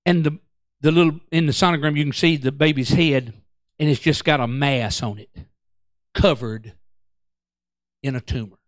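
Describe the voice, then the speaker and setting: A male pastor, telling a story in an excitable, stammering sermon that breaks into song. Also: on the high side, normal speed, pauses often, no room sound, studio quality.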